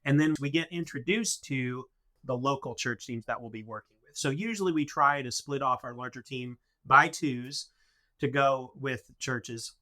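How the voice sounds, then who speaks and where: A man speaks as a guest on a casual podcast and explains plans step by step. His voice is mid-pitched with a bright, pressing edge. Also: moderate pace. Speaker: podcast guest, head of a mission organization.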